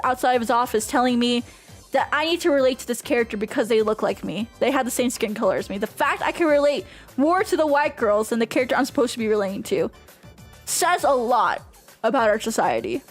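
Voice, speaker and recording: A woman streamer in casual Q&A chat, ranting passionately and swearing freely. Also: high-pitched. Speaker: VTuber streamer.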